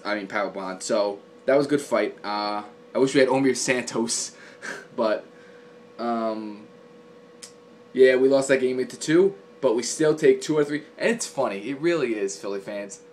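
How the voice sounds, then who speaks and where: A man's voice: mid-range voice, moderate pace, darkish tone, a little hiss or hum. Rambling, profane young male sports fan. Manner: profane, opinionated, rambling with many ums. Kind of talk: casual fan recap vlog.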